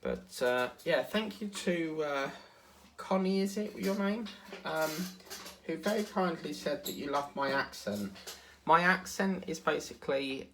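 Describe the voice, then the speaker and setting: An English man from Essex, whose accent carries a trace of South African, rambles casually while working on a craft as a diamond painting vlogger. His voice sits a little high, with lively intonation, a slightly slow pace and a somewhat bright tone. He meanders through the chat with plenty of fillers and asides, and there's slight background noise.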